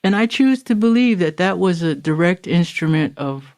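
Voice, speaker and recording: A woman's voice: on the low side, expressive, moderate pace, darkish tone. A middle-aged woman from Florida, a podcast guest, giving an earnest, emotional personal recovery testimony and acting out the quotes she retells. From Florida, USA.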